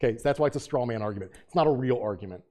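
Pastor with a mellow voice preaching. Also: male voice, medium pitch, racing. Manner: rises to fervent emphatic questions; asks the congregation rhetorical questions. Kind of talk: sermon.

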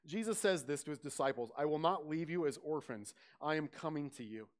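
A man's voice: on the high side, lively intonation, brisk. A man preaching a sermon, asking his congregation direct questions and lifting his voice on quoted scripture. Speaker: pastor.

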